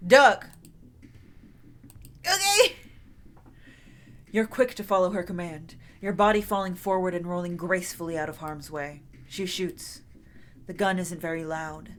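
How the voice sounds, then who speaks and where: A woman streamer reading a story game aloud with dramatic narration, breaking into lively chat with loud exclamations. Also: fairly low pitch, normal speed, slight background noise. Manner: animated, bursts of loud exclamations and laughter.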